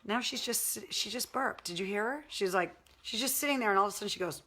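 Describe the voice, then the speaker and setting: A woman hosts a casual livestream, answering viewer comments with candid chatter and cheerful swearing. Her medium-pitched voice moves fast, and the recording is very noisy.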